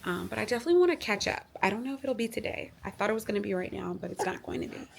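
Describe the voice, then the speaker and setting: A woman's voice: medium pitch, lively intonation, racing, gravelly, a little hiss or hum. Tired, teary woman venting to camera. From United States. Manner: emotional, venting, rambling with many fillers. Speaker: vlogger, mother. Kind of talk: casual confessional vlog.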